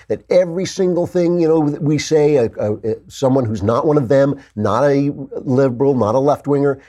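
Brief: male host, mellow and husky, indignant animated monologue. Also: mid-range voice. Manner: animated, indignant, with sarcastic asides. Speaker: political commentary host. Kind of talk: opinionated monologue.

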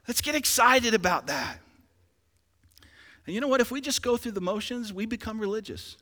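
A man preaching a sermon as pastor, animated and joking, swinging from quiet asides to shouted exhortation. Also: sits high, moderate pace, long pauses, long reverb tail. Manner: joking, playful.

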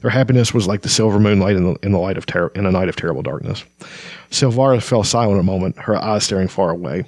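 A man's voice: sits low, fast, a little mellow, dry recording. A man reading passages from a fantasy novel aloud, stumbling over words and summarizing between them with many ums and uhs. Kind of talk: casual book reading with commentary.

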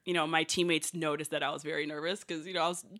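A woman in her thirties recounts a moment from her career with lots of "you know" and "like". Her voice is bright and forward, and she keeps breaking into laughter as she goes. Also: low voice, quick pace. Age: 30s. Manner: animated, laughing storyteller with many fillers. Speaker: guest soccer player. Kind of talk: casual storytelling.

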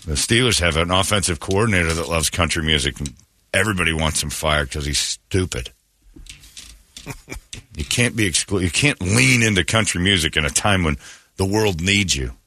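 A man's voice: sits low, lively intonation, normal speed, pushed and bright, slight background noise. A man hosting a morning radio show, ranting sarcastically in casual banter. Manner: sarcastic, mocking rants.

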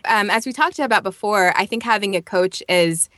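A woman's voice: mid-range voice, moderate pace, a bit bright, no echo. A woman voice actor who is a guest on a podcast, speaking in a thoughtful, practical way and often restarting her sentences. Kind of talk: casual podcast interview.

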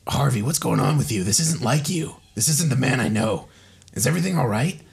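A man voicing an older male campaign backer who talks in a persuasive, measured way with hesitant fillers. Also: mid-range voice, lively intonation, vocal fry, husky, exaggerated voice. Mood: pressing.

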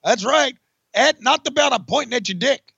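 A man doing an impression of a brash male wrestler, shouting boastful threats in a promo. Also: very high-pitched, lively intonation, normal speed, creaky, husky, dry recording, muffled recording, voice pushed up, exaggerated voice. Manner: shouting, boastful trash talk.

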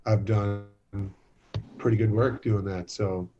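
A man's voice: lowish voice, steady tone, slow pace, dark tone, faint music behind. A young man from Boston, a basketball player, chatting as a podcast guest and telling jokey stories. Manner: joking, storytelling. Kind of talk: casual podcast chat. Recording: dull lo-fi sound with faint noise.

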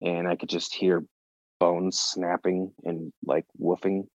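A man with a very deep, low voice tells his story in loose, animated conversation, cursing freely and acting out what he said in the moment. The sound is dry and close, and the audio is a bit dull and muffled. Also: slow pace, no room sound. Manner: animated, swears freely, acts out his own reactions. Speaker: podcast guest.

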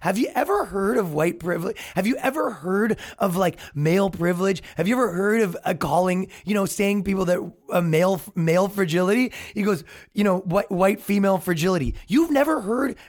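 A podcast host talking in a sarcastic, mocking way, delivering comedic commentary. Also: male voice, high voice, expressive, brisk, few pauses.

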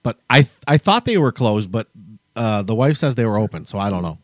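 A man's voice: on the low side, big pitch swings, a little fast, no room sound, clean studio sound. A man co-hosting a podcast, telling a long story as a heated, profane rant. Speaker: podcast co-host. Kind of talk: casual chat, storytelling rant.

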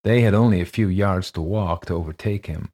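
A man narrating a ghost story as an audiobook, steady and measured in his telling. His voice sits low, with a husky edge to it.

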